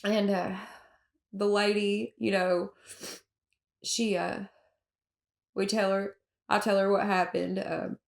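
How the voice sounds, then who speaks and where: A woman with a Southern accent and a gravelly, fry-laden voice tells her story in an interview. She talks haltingly, with many fillers and restarts, and laughs nervously as she goes. Her pitch sits in the middle for a woman. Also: level tone. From Alabama. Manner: emotional, with nervous laughs at hard moments. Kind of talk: personal recounting in an interview.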